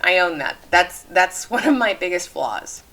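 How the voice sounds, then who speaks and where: A woman's voice: on the low side, lively intonation, unhurried, noisy background. A woman hosting a channel, commenting candidly on a clip and giving safety advice in a chatty way. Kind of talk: reaction commentary.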